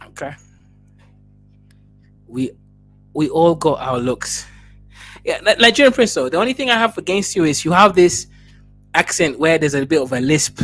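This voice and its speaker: A livestream host with an East African accent reads viewer messages aloud, laughing and teasing chatters directly in a casual stream. His fairly high, fairly bright voice is expressive at a normal speed, he pauses often, and faint music plays behind.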